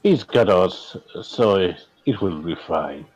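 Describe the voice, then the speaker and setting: A man's voice: sits low, lively intonation, takes it slowly, darkish tone, dull audio. A man playing in a tabletop game, joking and stammering as he talks. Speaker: player.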